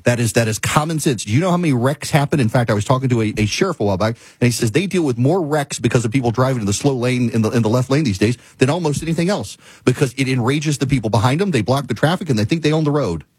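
A man's voice: animated, fast talker, few pauses, a little mellow, husky, no echo. A man hosting a talk show, telling stories in a casual, ranting monologue. He sounds exasperated and emphatic, repeats points for effect, and breaks into laughter. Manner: laughs mid-sentence and bursts into high-pitched exclamations.

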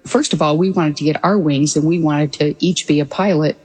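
A woman's voice: sits low, fairly even intonation, brisk, darkish tone, breathy edge, big-room sound, low-quality recording. A woman in her sixties, a former military pilot, telling her story as an interview guest in an earnest, reflective way. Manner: earnest and reflective, with frequent restarts and light laughs. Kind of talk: conversational storytelling.

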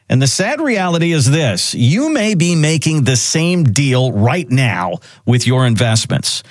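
A man hosting a radio talk show, chatting in a lively, conversational way. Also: a little high, unhurried, no echo, clean studio sound.

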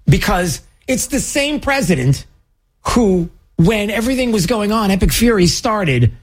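A man's voice: high-pitched, very animated, measured pace. A male radio talk show host, chatting casually and sarcastically with many fillers.

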